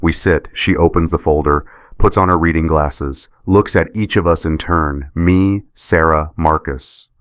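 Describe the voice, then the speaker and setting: A man's voice: a bass voice, measured pace, no echo, studio quality. A man narrating a scripted first-person story in short, clipped sentences.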